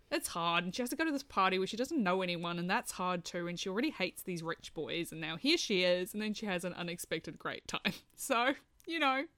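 A woman's voice: lowish voice, no room sound. A woman co-hosting a book podcast, chatting casually and laughing often. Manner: warm agreeable listener, laughs often. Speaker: podcast co-host. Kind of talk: casual book club chat.

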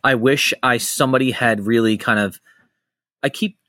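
Animated man with a dry close sound. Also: medium pitch, normal speed, dry recording. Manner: animated storyteller, acts out quotes. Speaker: podcast host. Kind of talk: casual interview chat.

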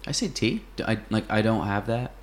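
A man's voice: fairly low pitch, lively intonation, brisk. A young man hosting a podcast, chatting casually and rambling with lots of fillers and restarts. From North Country, New York. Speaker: podcast host. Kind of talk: casual chat.

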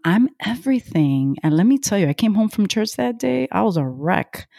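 A woman's voice: mid-range voice, very animated, normal speed, vocal fry, no room sound. A woman interviewing a guest about faith, encouraging her and answering with amens and stories of her own. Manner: warm encouraging, affirms with amens.

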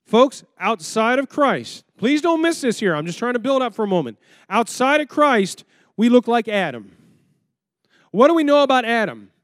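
A man with a high-pitched voice preaches a sermon, throwing question after question at his listeners. He jumps from loud, emphatic lines to low, hushed asides. The sound is close and dry, with no room echo. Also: very animated, normal speed. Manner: preaches with rhetorical questions put to the congregation. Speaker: pastor.

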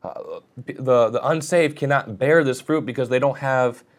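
Earnest male preacher, middle-pitched. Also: a little slow. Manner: earnest, self-deprecating, rises and falls in pitch for emphasis. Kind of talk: sermon.

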